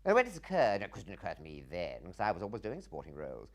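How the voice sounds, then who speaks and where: Theatrical English man, lively swooping voice. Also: fast talker. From England. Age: 50s. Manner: theatrical, jumps into high mimicking voices for quoted lines, laughs often. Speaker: interviewee. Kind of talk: anecdotal interview storytelling.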